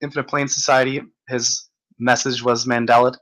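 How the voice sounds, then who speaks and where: A man's voice: medium pitch, little pitch movement, moderate pace, a bit bright, rough recording. Rambling profane man hosting a livestream. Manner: rambling, joking, profane, laughs often. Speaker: livestream host reading chat comments. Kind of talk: casual livestream chat.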